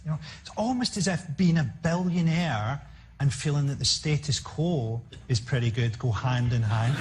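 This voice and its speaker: A man's voice: mid-range voice, animated, normal speed. A man doing a sardonic, sweary stand-up routine. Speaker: stand-up comedian. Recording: loud background noise.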